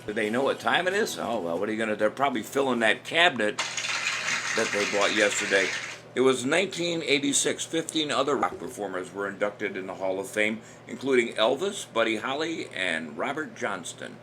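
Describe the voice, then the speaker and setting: A man's voice: lowish voice, big pitch swings, a little fast, background noise. Chatty trivia host who laughs at his own jokes. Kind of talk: casual live-stream trivia hosting. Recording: music playing under the voice.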